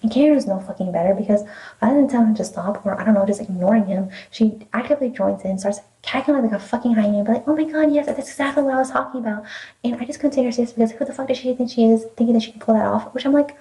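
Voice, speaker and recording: Young female vlogger, quick and biting, warm low-key timbre, swears freely in a heated storytime rant. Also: poor audio. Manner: sarcastic, profane, heated; drops into whispered asides. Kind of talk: ranting storytime.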